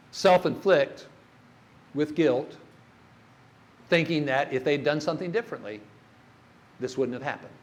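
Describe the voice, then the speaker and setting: An older man preaching a sermon in a church, telling stories and putting questions to the congregation. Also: a little high. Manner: storytelling, asks the congregation questions.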